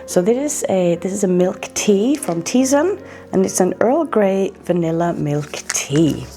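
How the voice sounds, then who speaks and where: A woman's voice: measured pace, soft background music. A woman vlogging casually to camera, chatty and self-deprecating, her voice a little groggy from a coming cold. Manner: chatty and self-deprecating, with lively jumps in pitch. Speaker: skincare vlogger.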